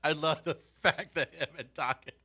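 A man's voice: a little high, normal speed, breathy edge. A man co-hosting a radio show, chatting casually and laughing often while telling stories. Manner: laughs often, animated storytelling. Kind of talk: casual banter.

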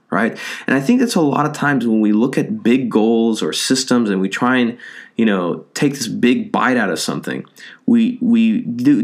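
A man giving a loose, conversational motivational talk, with lots of fillers and a habit of tagging his points with "right?". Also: mid-range voice.

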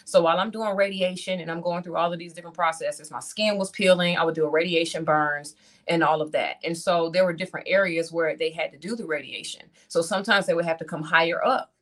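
A woman in her thirties, speaking, tells a personal testimony in animated style and acts out her own reactions as she talks to the audience. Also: lowish voice, fast talker. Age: 30s. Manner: talks straight to the audience, calls them "y'all".

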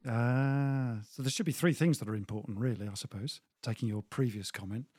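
A man's voice: medium pitch, fairly quick, darkish tone, breathy edge, no room sound, clean studio sound. A man hosting a livestream interview, encouraging and full of short affirmations. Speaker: livestream host.

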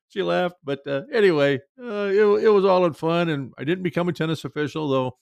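A man's voice: high voice, moderate pace, vocal fry, darkish tone, smooth, dry recording, muffled recording. A man from Iowa hosting a storytelling show, chatty and playful, poking fun at himself. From Iowa, USA. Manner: chatty, playful, self-mocking humor with quoted dialogue. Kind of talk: casual spoken storytelling.

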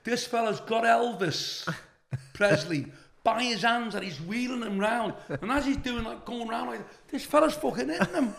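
Speaking at a normal speed, this middle-aged man from the UK has a very high, gravelly voice, with slight background noise in the recording. He's a comedian guest sharing a profane anecdote. Animated, he performs the people in his story.

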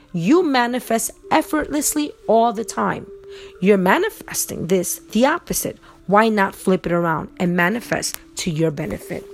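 A woman's voice: mid-range voice, creaky. A woman hosting a podcast alone, giving an earnest, insistent motivational talk that repeats its points. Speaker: podcast host. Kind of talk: motivational monologue. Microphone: podcast microphone.

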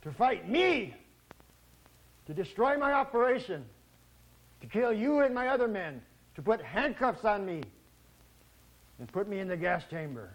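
An actor playing a scornful crime boss who fires off sneering questions in a 1990s action film. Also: male voice, sits high, big pitch swings, a little slow, long pauses, a bit bright, full character voice, low-quality recording.

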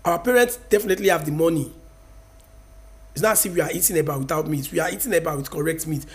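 High-voiced Nigerian vlogger in his thirties, lecturing viewers with emphatic, preachy energy. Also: fast. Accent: Nigerian, Yoruba-speaking. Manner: emphatic, preachy, mixes in Yoruba. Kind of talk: casual opinion rant to camera.

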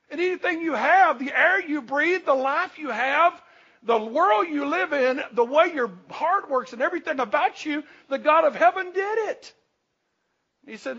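A man's voice: very high-pitched, sharp tone. A man preaching a sermon in a folksy, humorous, emphatic way. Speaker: pastor. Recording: dull lo-fi recording.

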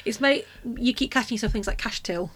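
Chatty woman co-host, bright and a bit high, playful, laughs a lot. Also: brisk. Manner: chatty, laughs often, does playful impressions. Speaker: podcast co-host, writer. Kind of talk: casual chat.

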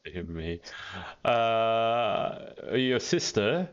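A man's voice: mid-range voice, big pitch swings, drawn-out words, clear, resonant tone. A man hosting a casual live-stream pageant interview over a video call, chatty and teasing as he reads out viewer comments. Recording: dull lo-fi video call audio.

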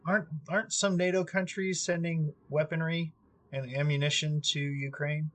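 A man's voice: a little high, little pitch movement, moderate pace, a bit bright. A young man in casual chat, rambling and swearing freely, with plenty of ums. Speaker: podcast co-host.

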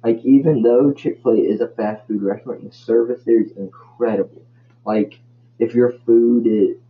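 A man's voice: on the low side, phone-quality sound, slight background noise. A man hosting a casual solo podcast, rambling and tripping over his words. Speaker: podcast host.

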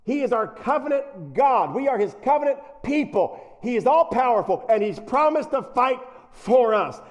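A man preaching a sermon, animated and acting out the characters he quotes. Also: extremely high pitch, normal speed. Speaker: pastor.

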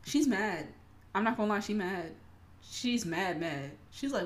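A woman's voice: mid-range voice, animated, a little slow. A young adult woman ranting casually to her audience, swearing freely and self-mocking with dramatic flair. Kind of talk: casual rant to camera.

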